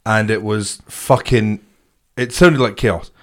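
A man's voice: fairly low pitch, slow. A young Scottish man, a comedian co-hosting a podcast, rambling and swearing in casual banter. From Scotland. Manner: rambling, swears freely, restarts a lot.

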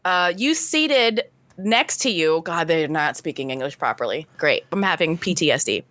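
A woman's voice: sits low, animated, normal speed, fairly bright tone, no room sound. A woman co-hosting a podcast, chatting casually and comedically in a giggly, playful way. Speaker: podcast co-host.

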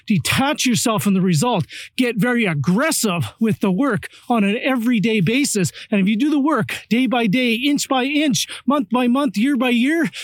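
A man coaching real estate investors through a short motivational talk, punchy and full of energy. His voice sits high for a man, and the sound is dry and close with no room around it. He keeps driving the point home with short rallying lines. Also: no echo. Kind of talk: motivational monologue.

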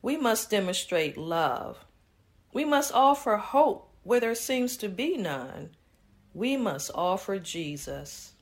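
A woman playing a slow-spoken devout churchgoing wife. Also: mid-range voice, very animated, heavily acted. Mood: earnest. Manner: slow, sing-song churchy speech, frequent "mm" and "hallelujah". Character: devout churchgoing wife Rochelle, gentle and warm. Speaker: minister's wife in audio drama. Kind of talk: audio drama acting.

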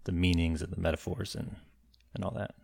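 Low-voiced man co-hosting a film podcast. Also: level tone, brisk, vocal fry. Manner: rambling, thinks aloud with many fillers. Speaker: podcast co-host. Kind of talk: casual movie review chat.

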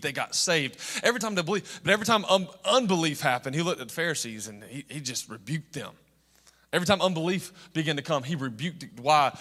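A man in his thirties preaching as a pastor, earnest, with slow, stressed phrases and frequent restarts. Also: on the high side, sharp tone, in a large hall. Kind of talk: sermon.

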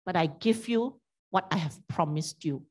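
A woman voicing a gentle, generous male vineyard owner who reasons lovingly with his workers. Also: fairly low pitch, animated, moderate pace, pitched below the performer's own voice.

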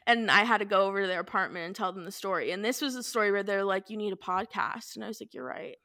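Bright-voiced girl in her 20s, animated, cursing, telling a wild story on a podcast. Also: medium pitch, rapid-fire. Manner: animated storytelling, frequent swearing. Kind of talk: casual chat.

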